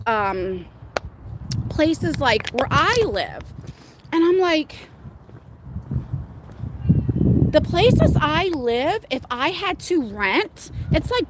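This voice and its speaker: Middle-aged woman, high voice, live-streaming outdoors on a phone at arm's length; rambling, excitable chat with traffic rumbling behind. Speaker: livestream host. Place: outdoors on a walk by a pond. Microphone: phone held at arm's length.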